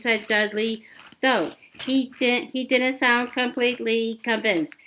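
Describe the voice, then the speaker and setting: Woman, amateur read-aloud of a novel; hesitant, repeats words, unhurried, a touch high. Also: steady tone, a bit bright, rough recording. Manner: halting, frequent stumbles and repeated words. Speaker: amateur reader.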